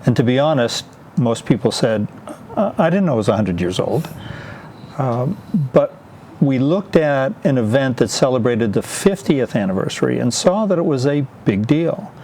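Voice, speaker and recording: A man speaking in a measured, plainspoken way as an interview guest. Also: mid-range voice, lively intonation, a little mellow, a little hiss or hum. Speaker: maritime academy president, guest.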